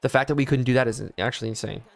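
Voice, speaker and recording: A man's voice: medium pitch, very fast, gravelly. A man streaming live, calling a football video game play by play, hyping big plays and reading out viewers' chat messages. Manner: hyped play-by-play, chatting with viewers; excited yelling on big plays. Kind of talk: live gameplay commentary.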